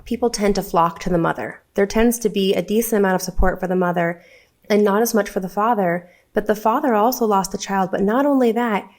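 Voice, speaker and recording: A woman's voice: mid-range voice, a little fast. A woman being interviewed as a guest on a podcast, speaking earnestly and with heartfelt conviction.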